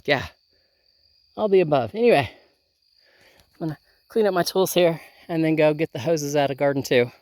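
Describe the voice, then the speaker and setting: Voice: medium pitch, normal speed, pauses often, darkish tone, no room sound. A gardening vlogger chatting to camera outdoors in a garden and hoop tunnel, thinking aloud with many ums, filmed on a handheld phone. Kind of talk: casual chat to camera while working.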